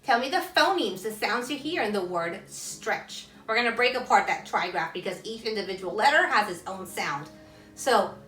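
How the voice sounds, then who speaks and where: Lively, bright-voiced woman teaching phonics. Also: on the high side, roomy sound, recorded from a distance, faint music behind. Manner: sounds out letters slowly and clearly, prompting listeners to repeat. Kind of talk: phonics lesson for children.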